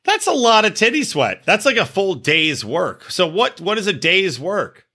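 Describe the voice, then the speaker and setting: A man riffs crudely through podcast banter, loud and joking. His voice sits a little high and sounds bright and forceful, swinging widely in pitch. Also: sing-song, moderate pace, husky. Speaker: podcast co-host.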